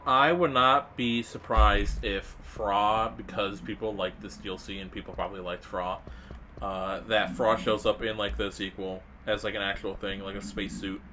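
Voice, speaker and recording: A man's voice: lowish voice, fairly even intonation, normal speed, bright, forceful tone, a little hiss or hum. A young man giving rambling, casual let's-play commentary, swearing freely and reading game text aloud. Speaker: game streamer.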